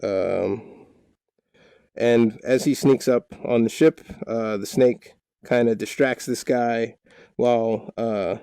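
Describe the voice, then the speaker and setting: A male dungeon master recaps the party's downtime in a loose, rambling way, cracking jokes as he goes. His voice is mellow and mid-pitched, and the recording is dry. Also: steady tone, slow pace, vocal fry, smooth, no echo. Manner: rambling, joking, full of fillers. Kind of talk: casual storytelling recap.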